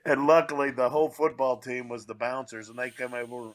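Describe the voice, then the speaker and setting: A man hosting a podcast, telling a comedy-club anecdote in casual chat with quick asides. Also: mid-range voice.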